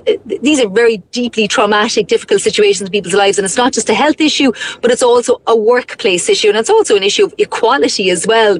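A woman's voice: on the high side, a little hiss or hum. A woman with an Irish accent, a politician speaking earnestly on a phone line in a radio interview, with frequent restarts.

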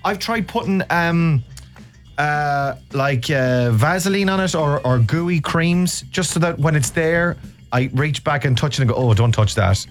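A man's voice: fairly high pitch, unhurried, soft background music. A man hosting a radio show, rambling and self-mocking as he chats and bluntly teases callers. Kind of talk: casual radio chat.

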